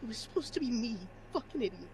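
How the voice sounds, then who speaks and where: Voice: mid-range voice, animated, very fast, darkish tone, husky. A player voicing a grieving male furry creature hero, crying and pleading in a broken voice.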